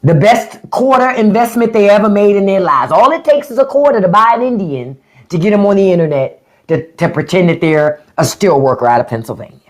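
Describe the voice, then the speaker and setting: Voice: medium pitch, animated, brisk. A livestream host giving a blunt, profane, mocking rant to viewers. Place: livestream at home.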